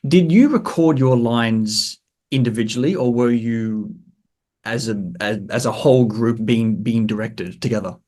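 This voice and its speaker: A man hosting a podcast, asking questions in a halting way with repeated words. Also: medium pitch, warm tone. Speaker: podcast host and interviewer. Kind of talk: interview questions.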